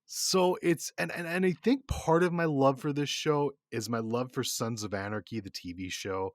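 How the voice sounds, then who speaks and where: A man's voice: mid-range voice, moderate pace, no echo, clean studio sound. A man co-hosting a casual podcast, rambling and swearing often, with frequent laughs. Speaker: podcast co-host. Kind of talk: casual chat.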